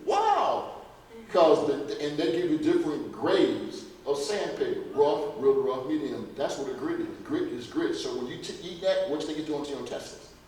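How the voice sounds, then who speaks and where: A man gives a health talk in a church hall, his fairly high voice bouncing around the room from a distance. He is folksy and emphatic and keeps throwing rhetorical questions at the audience. There is a faint hum of room noise behind him. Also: lively intonation, moderate pace, a little mellow. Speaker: health lecturer. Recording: echoey hall recorded from far off.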